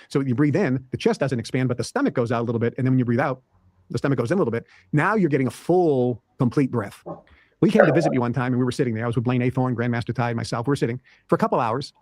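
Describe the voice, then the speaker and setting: A man teaches breathing and brain habits in a brisk, emphatic way, often repeating himself. He talks quickly at a mid pitch. His mic is close and dry, with no room echo. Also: a little mellow. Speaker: guest teacher. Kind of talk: instructional talk on health and mind.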